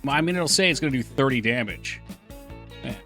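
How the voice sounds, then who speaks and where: A man's voice: mid-range voice, lively intonation, a little fast, bright, forceful tone. A man chatting casually on a live stream while working on his game, thinking aloud and answering chat. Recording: faint music behind voice.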